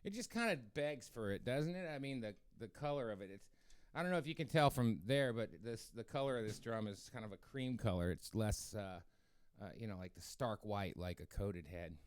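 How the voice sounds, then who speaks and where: Easygoing man with a smooth voice. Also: fairly low pitch, fairly quick, no room sound, clean studio sound. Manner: rambling, relaxed, lots of fillers and restarts. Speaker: drummer hosting a practice stream. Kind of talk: casual rambling chat.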